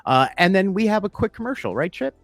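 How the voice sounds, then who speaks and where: A man's voice: high voice, very animated, quick pace, no room sound, soft background music. Chatty, rambling male podcast host. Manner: chatty, rambling, laughs often. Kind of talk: casual chat. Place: home.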